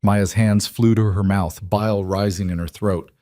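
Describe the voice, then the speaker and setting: Low-voiced male story narrator. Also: fairly even intonation, moderate pace, mellow, no echo, clean studio sound. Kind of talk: scripted dramatic narration.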